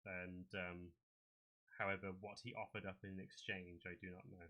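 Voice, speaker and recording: A guarded, honorable male adventurer, as a man plays him in a tabletop game. The voice sits low and bright, and the speech is measured and earnest, with small restarts. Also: flat delivery, heavily acted.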